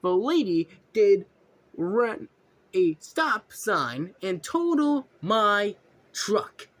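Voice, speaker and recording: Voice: mid-range voice, sing-song, very slow. A vlogger ranting indignantly at viewers in a profane reaction commentary.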